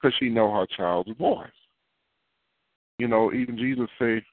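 A man's voice: mid-range voice, measured pace, pauses often, dry recording. A man preaching a sermon in a conversational, repetitive style with folksy asides. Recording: dry, phone-like narrow sound.

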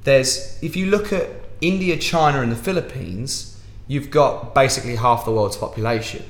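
A man's voice: medium pitch, normal speed, roomy sound. A man with an English accent, a guest musician in a casual podcast chat, talking animatedly and swearing freely.

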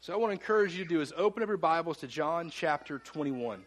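A man preaching a sermon as the pastor of a church, earnest, with dramatic pauses and slowed words for emphasis. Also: fairly high pitch, animated, slight background noise. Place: church sanctuary.

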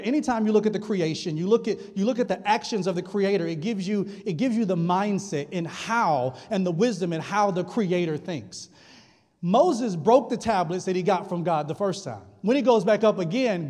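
A man's voice: high-pitched, a little mellow. A male pastor preaching a sermon, retelling scripture in a casual, humorous way. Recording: long hall reverb.

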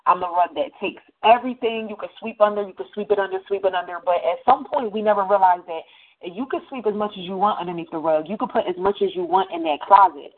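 A woman hosting her radio show, telling a story in a loose, slangy, animated way. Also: medium pitch, quick pace, phone-quality sound. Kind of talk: casual monologue. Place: New Jersey.

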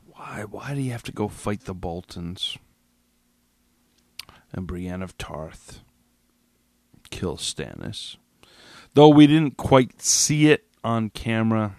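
A man's voice: on the low side, big pitch swings, slow, vocal fry, long pauses, a little mellow, no room sound. A man hosting a podcast, reacting alone to a TV finale in an agitated, profane, rambling way with many restarts, a little tipsy. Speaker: podcast host. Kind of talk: solo episode reaction rant.

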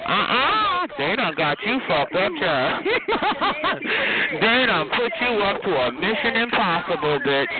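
A man trash-talking on a phone party line, sassy and flamboyant, calling everyone child and honey. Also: fairly high pitch. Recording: tinny phone line with loud crowd noise.

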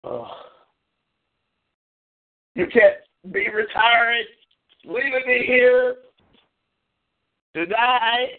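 Exasperated talk host on a tinny line. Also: male voice, extremely slow, long pauses. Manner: exasperated, swings between high and low pitch. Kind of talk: ranting call-in talk show.

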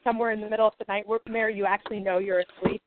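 A woman leading a spiritual group call, talking it through with lively acted-out inner monologues. Her voice sits at an ordinary middle pitch, and it comes through thin and narrow, like a phone line. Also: fast talker, background noise. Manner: animated, acts out inner monologues. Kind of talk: casual group teaching call. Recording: tinny phone-line audio.

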